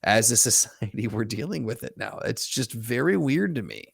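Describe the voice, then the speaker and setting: A man's voice: medium pitch, expressive, moderate pace, creaky, slightly rough, dry recording. A man co-hosting a podcast, speaking thoughtfully with frequent restarts and brief agreements. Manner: thoughtful, hesitant, many restarts and backchannels. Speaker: podcast co-host. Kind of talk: casual chat.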